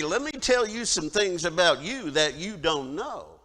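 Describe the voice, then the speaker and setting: A man's voice: high voice, sing-song, measured pace, hardly any pauses. Preaching man in a reverberant church. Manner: dramatic swings from loud declaring to quiet reflection. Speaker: minister. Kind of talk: sermon. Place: church sanctuary.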